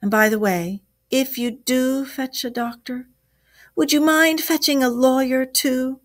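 A woman's voice: high-pitched, steady tone, unhurried, pitched above the performer's own voice. A woman murmuring as a sly, self-pitying toad. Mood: murmuring, pitiful. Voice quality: soft, murmured. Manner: pitiful, sighing, theatrical. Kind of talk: storybook read-aloud.

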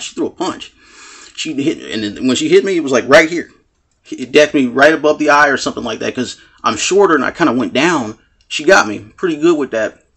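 Man, vlogger. Husky, gravelly voice, rambling casual storytelling, acts out quotes with cursing. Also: medium pitch, a bit bright. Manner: rambling, full of "you know what I'm saying"; acts out quoted lines with swearing. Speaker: vlogger telling a personal story.

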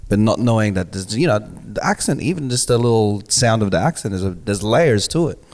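A man co-hosting a podcast, making slow, thoughtful remarks in casual chat. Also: on the low side, animated, darkish tone. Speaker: podcast co-host.

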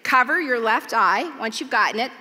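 Woman pastor, high bright voice, storytelling sermon, long church reverb. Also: expressive, normal speed. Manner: storytelling, humorous and earnest. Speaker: church speaker. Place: large church auditorium.

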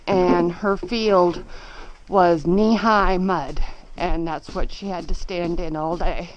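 Slow-talking, out-of-breath woman on a farm. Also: fairly low pitch, poor audio. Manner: coos in a baby voice to animals. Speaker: vlogger doing farm chores. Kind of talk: casual vlog narration. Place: outdoors on a muddy farm with horses. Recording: clear background noise outdoors.

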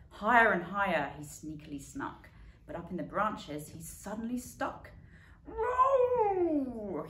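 A woman reading a rhyming bedtime story aloud as a lively storyteller who yowls and barks the animal sounds. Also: lowish voice. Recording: echoey room with faint background noise.

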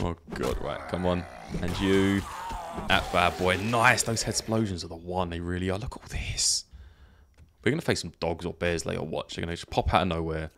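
A man's voice: low voice, normal speed, vocal fry, background noise. A man chatting casually while he plays a zombie survival game, thinking aloud and laughing often. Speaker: gaming YouTuber. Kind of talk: let's play commentary.

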